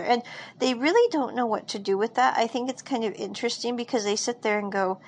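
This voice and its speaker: A woman's voice: a little high, lively intonation, fairly quick, slight background noise, low-quality recording. Chatty woman recapping a drama episode. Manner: chatty, rambling with frequent fillers and restarts.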